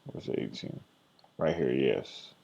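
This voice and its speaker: A young man recapping his day trades in a casual screen-share vlog, rambling, swearing and blaming himself, and voicing his own past thoughts in an excited, higher voice. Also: unhurried, creaky, breathy edge, lo-fi sound. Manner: rambling, self-critical, swears freely, trails off and restarts.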